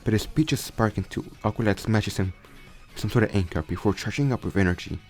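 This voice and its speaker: A man's voice: on the low side, quick pace, faint music behind. A young man casually retelling a fan story, rambling with frequent restarts and self-corrections.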